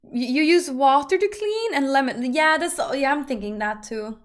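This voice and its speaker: A woman streamer chatting casually and rambling to her viewers, now and then breaking into loud laughing rants. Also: high-pitched, moderate pace.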